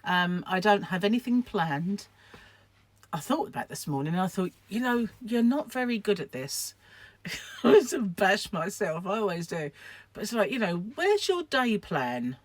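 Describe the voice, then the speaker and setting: A woman's voice: medium pitch, animated, normal speed, dry recording. Older woman, from England, casual vlog chat, rambling, self-deprecating, laughs often, dry close sound. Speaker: vlogger, craft shop owner.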